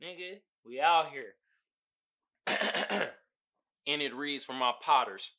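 A man hosting a casual solo podcast, reading memes aloud in profane slang and breaking into loud bursts of laughter. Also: fairly high pitch, animated, slow pace, long pauses. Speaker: podcast host.

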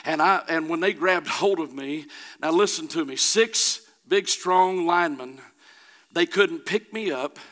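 A middle-aged man preaching a sermon, telling a folksy personal story that builds to shouting. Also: on the high side, unhurried.

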